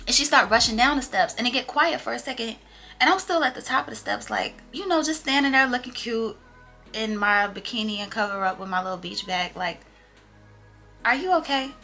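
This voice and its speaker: A young adult woman vlogger telling a story in casual, slangy, animated chat with a wry edge. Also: on the high side, fairly quick, vocal fry, soft background music.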